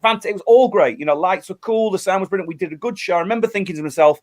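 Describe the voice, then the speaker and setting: Middle-aged male musician guest, slightly high-pitched, animated storyteller with restarts. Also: rapid-fire. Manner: animated storyteller, acts out quotes, many restarts. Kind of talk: storytelling in a casual interview.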